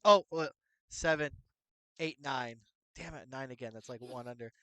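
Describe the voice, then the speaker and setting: Bright, crisp-voiced man player. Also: mid-range voice, moderate pace, dry recording. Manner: rambling, thinks aloud with fillers. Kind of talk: casual tabletop play chat.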